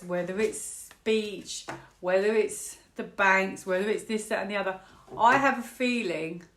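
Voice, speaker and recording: Her voice is mid-range and fairly bright. A woman from the United Kingdom, she reads tarot casually to camera in an echoey space, musing aloud with a rambling, half-laughing manner.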